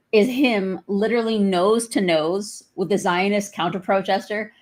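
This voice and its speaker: A woman chats as a guest on a live stream. Her voice sits a little low. She talks in a wry, articulate way and laughs easily. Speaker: guest, protest drummer. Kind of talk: casual live-stream chat.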